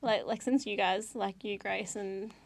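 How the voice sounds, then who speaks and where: A woman's voice: mid-range voice, fairly even intonation, a little slow, creaky, no echo. A young Australian woman, laid-back, co-hosting a casual chat and laughing often. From Cairns, Australia. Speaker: co-host.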